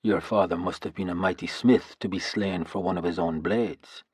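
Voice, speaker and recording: A man voicing a middle-aged male Norse warrior leader who asks dry, unhurried questions in an audiobook. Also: sits low, steady tone, a little mellow, breathy edge, dry recording. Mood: cool.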